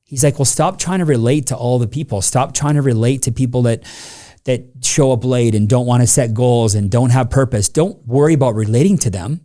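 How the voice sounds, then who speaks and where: A middle-aged man hosting a podcast, telling a story in a lively way and acting out the people he quotes. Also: mid-range voice, fairly quick. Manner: animated storyteller who acts out people he quotes. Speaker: podcast host. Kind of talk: casual podcast conversation.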